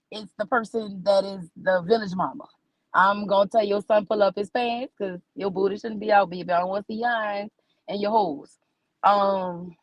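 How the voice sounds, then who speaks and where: A woman's voice: medium pitch, no room sound, low-quality recording. New Orleans woman doing stand-up. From New Orleans, USA. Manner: folksy, scolding auntie tone, calls people baby. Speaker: stand-up comedian. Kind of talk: stand-up comedy on radio.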